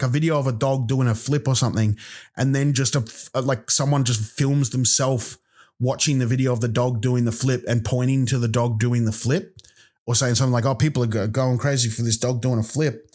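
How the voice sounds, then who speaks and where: A man's voice: mid-range voice, steady tone, fairly quick, darkish tone. A man, a comedian hosting a podcast, delivering a rambling comic monologue full of profane, exasperated rants.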